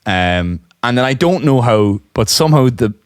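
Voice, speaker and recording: A young man co-hosting a podcast, telling a story in casual chat, animated and laughing often. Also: medium pitch, normal speed, clean tone, no echo, studio quality. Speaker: podcast co-host.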